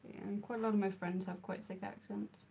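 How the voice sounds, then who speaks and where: A woman's voice: medium pitch, flat delivery, fairly quick, vocal fry, dark tone, slight background noise. A young woman from the English Midlands, chatting casually with her livestream viewers while she draws, answering their messages with frequent ums. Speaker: streamer.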